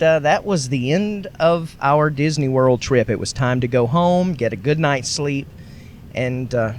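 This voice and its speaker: Chatty man recapping from a car. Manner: rambling, chatty, self-correcting. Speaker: podcast host. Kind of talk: casual travel recap. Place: car on the road. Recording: faint road noise. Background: faint vehicle rumble.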